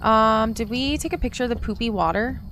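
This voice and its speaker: A woman's voice: fairly high pitch, fairly quick, fairly bright tone, slight background noise. A woman streaming a game, chatting casually and talking to her viewers by name. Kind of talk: casual live-stream chat while gaming.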